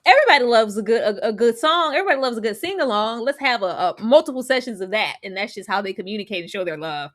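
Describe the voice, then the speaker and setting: A woman with a lively voice that swings far up and down as she reviews a film in casual chat. She acts out the characters' lines with sudden jumps in pitch. Her voice sits a little high. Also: quick pace, few pauses. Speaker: podcast co-host.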